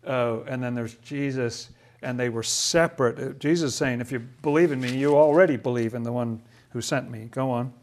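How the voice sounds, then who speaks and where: A man's voice: mid-range voice, normal speed, darkish tone. A man leading a casual Bible study, thinking aloud and asking questions about the passages.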